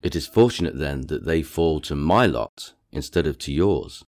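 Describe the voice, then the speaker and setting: A proud, reserved gentleman, read by a man in an audiobook, answering in dry, measured, exact phrases. His voice is very deep and low. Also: animated. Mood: cool. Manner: dry, measured, coolly precise.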